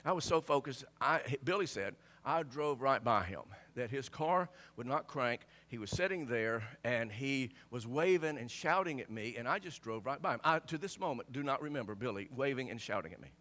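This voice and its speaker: A man's voice: mid-range voice, animated, moderate pace, few pauses, fairly bright tone. A man preaching a sermon, telling a personal story and acting out both sides of the dialogue, often repeating and restarting his words. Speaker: pastor.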